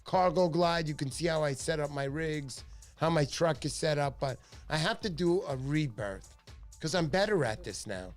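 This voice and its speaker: A middle-aged man hosting a livestream, his voice sitting a bit high for a man. He chats casually and tells excitable stories, acting out the voices of the people in them. Faint music plays underneath. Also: normal speed. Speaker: livestream host.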